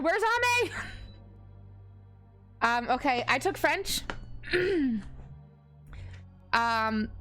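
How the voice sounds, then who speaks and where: A woman's voice: high-pitched, fairly bright tone. A young woman streaming a story game, chatting casually and giggling as she reads chat aloud. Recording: faint music behind.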